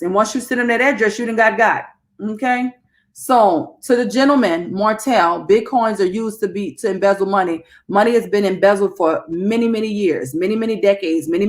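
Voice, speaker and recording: A woman, hosting a casual livestream and talking straight to her viewers, animated and chatty, calling them "baby" and "y'all". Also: medium pitch. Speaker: livestream host and crypto educator. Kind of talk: casual live-stream talk to viewers.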